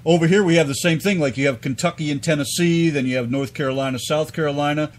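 A man hosting a radio show, chatting in an easygoing way with his guest. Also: a little high. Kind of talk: casual chat.

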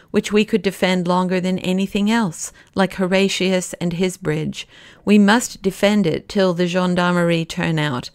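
A woman voicing a resolute young English gentleman who leads the others, urgent and commanding, in a slightly raised voice. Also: fairly low pitch, clean tone, no room sound, clean studio sound, close to an everyday voice.

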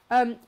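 A woman hosting a craft live stream, chatting brightly and reading out viewer comments with frequent laughs. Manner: bubbly, chatty, laughs often.

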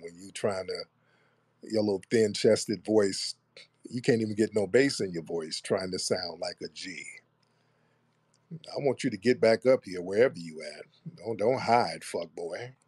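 A man hosting a live online audio room, taunting and talking down to a caller with slow, deliberate jabs. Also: fairly low pitch, a little mellow, husky, no echo. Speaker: host. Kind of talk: confrontational live audio chat.

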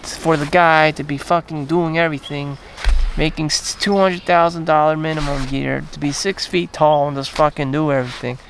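Gravelly, rambling, profane man. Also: a little high, level tone, fairly bright tone, a little hiss or hum. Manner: rambling, profane, frequent fillers and trailing pauses. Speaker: vlogger. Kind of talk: casual rambling monologue.

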